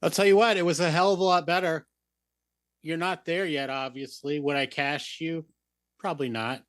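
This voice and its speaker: A man who is an actor, a guest on a podcast, giving earnest, halting acting advice in casual chat. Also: a little high, steady tone, a bit bright, clean tone, no echo.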